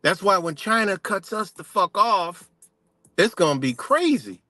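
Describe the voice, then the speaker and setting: A man's voice: high voice, big pitch swings, unhurried, bright, forceful tone, dry recording. A man hosting a livestream, ranting casually in a profane, rambling way with many restarts. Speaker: livestream host.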